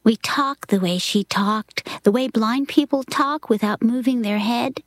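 A woman reading a novel aloud in a soft, reflective way that drops into a whisper at times. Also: a little high, measured pace, no echo. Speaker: reader.

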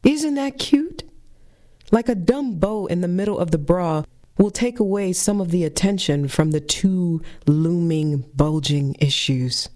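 Woman doing a funny story, dry and wry, warm lowish voice. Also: measured pace. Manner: wry, dry deadpan humor. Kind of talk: performed personal story.

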